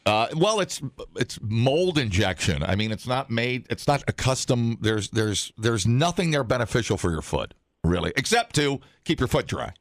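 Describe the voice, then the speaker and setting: A gravelly man hosts morning radio. His pitch jumps all over as he jokes and riffs. The studio sound is dry and close to the mic. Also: sing-song, moderate pace, dry recording. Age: late 30s. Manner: loud, jokey, shouts for comic effect. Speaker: radio host.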